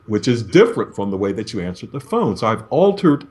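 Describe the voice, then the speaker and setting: Lively, measured man explaining over video call. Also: lowish voice. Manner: measured, explanatory, acts out sample phone greetings. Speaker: negotiation expert guest.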